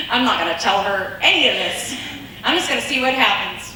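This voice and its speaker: Bright-voiced woman telling her testimony. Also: mid-range voice, normal speed, heavy reverb, distant mic, a little hiss or hum, poor audio. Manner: lively, acts out the voices of people in her story; laughs often while telling her story. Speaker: giving a personal testimony. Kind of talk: personal testimony storytelling.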